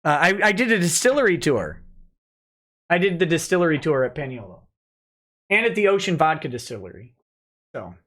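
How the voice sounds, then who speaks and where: A man hosting a relaxed livestream, reading viewer messages aloud and answering them offhandedly. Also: fairly high pitch, fairly quick, long pauses. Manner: reads donor messages aloud, chatty and offhand. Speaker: livestream host reading chat. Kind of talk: relaxed live-stream chat.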